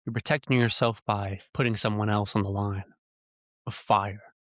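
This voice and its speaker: A man's voice: on the low side, fairly even intonation, normal speed, no echo. A man hosting his own podcast, delivering an earnest, heated monologue full of rhetorical questions into a close microphone. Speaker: podcast host. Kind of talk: ranting solo podcast monologue. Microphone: podcast mic close up.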